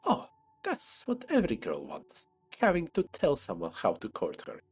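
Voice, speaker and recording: A man's voice: fairly high pitch, huge pitch swings, normal speed, slightly rough, voice pushed up, exaggerated voice. A man voicing a proud female warrior who mocks and scorns. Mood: mocking. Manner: mocking, scornful.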